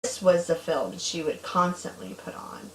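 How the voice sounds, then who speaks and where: A woman in her thirties hosting a casual chat, talking in a chatty, animated way with sudden loud bursts. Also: lowish voice, normal speed, creaky, slight background noise. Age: 30s. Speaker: host. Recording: echoey room.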